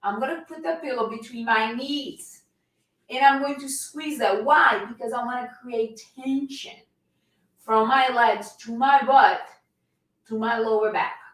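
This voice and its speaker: Shaking as she holds a plank, a female fitness coach leads a live workout class, talking with energy and urging her viewers on. Her voice is fairly high, a little slow, and fairly bright. She sounds distant from the mic in a very echoey room.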